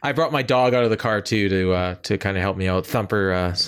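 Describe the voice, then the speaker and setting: A man's voice: on the low side, fairly quick, smooth. Canadian man co-hosting a sports podcast; easygoing, rambling delivery full of restarts. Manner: rambling, many fillers and restarts. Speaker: podcast co-host. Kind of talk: casual sports chat.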